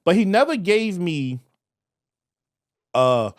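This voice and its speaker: Animated Baltimore man telling stories. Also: fairly high pitch, fairly quick, no echo, studio quality. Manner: animated, profane, acts out voices in anecdotes. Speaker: podcast co-host. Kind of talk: casual storytelling.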